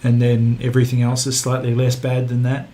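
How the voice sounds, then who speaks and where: Man, New Zealand accent, casual hobby livestream host, self-mocking, mid pitch, clear background noise. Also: completely flat delivery, fairly quick, mellow. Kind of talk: casual chat while sanding a model kit.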